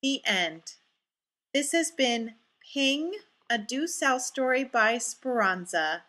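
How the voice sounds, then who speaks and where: A woman narrating a first-person story aloud, intimate and measured. Her voice is bright and a little high. She reads with steady expression. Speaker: story reader.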